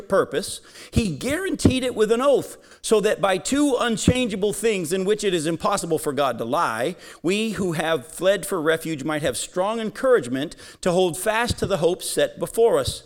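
A man's voice: high voice, animated, moderate pace, hardly any pauses. A man preaching a sermon, reading Bible passages aloud and putting emphatic questions to his listeners. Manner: emphatic, asks the audience questions.

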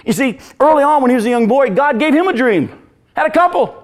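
A man preaching a sermon, moving from hushed, slow retellings to loud, pointed questions for the congregation. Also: very high-pitched, lively intonation. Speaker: pastor.

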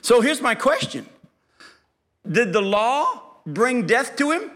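Man, Bible lesson, high voice, bright tone, quizzes listeners, acts out quotes. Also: slow. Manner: lively, quizzes the class and acts out quoted speech. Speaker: Bible teacher.

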